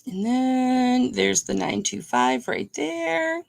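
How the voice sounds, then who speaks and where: Lady selling jewelry on a live stream, kinda high gravelly voice, chatty with viewers. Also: animated, slow. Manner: chatty, talks to viewers by name. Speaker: live auction seller.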